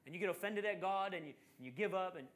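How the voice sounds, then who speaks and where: A high-pitched man talks fast as he preaches a sermon, telling a Bible story with animated delivery and acting out the voices of its characters.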